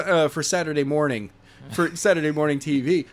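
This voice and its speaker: A man co-hosting a wrestling podcast, chatting casually with animated, jokey exaggeration. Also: fairly high pitch, fairly quick. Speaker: podcast co-host.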